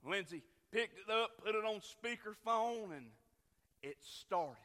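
Unhurried and animated, a traveling preacher tells his story during a sermon in a high, bright voice. He moves from loud outbursts down to near-whispers with real feeling, and the sound rings with a long, church-hall reverb.

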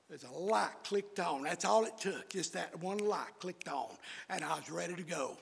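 A male preacher who preaches in bursts, shouting his emphatic lines, with many "uh" fillers. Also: high-pitched, moderate pace, gravelly, breathy edge. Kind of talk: fiery sermon. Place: church. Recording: echoey hall with long reverb.

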